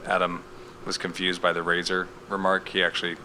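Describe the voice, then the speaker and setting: A man's voice: low-pitched, monotone, fairly quick, sharp tone, slight background noise. A man co-hosting a podcast, chatting casually with teasing, joking banter. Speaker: podcast co-host. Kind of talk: casual chat.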